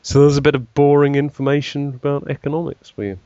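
Fast and warm, this young British co-host's voice is a little high with little pitch movement. He laughs often and cracks jokes while going through news on a casual tech podcast, in a recording with no room sound and the highs cut off.

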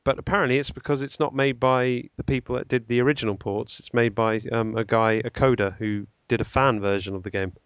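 A man's voice: medium pitch, fairly even intonation, fairly quick, hardly any pauses, smooth, dry recording. A man co-hosting a podcast, rambling and correcting himself with lots of ums. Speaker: podcast co-host. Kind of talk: casual chat. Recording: dull, slightly lo-fi dry sound.

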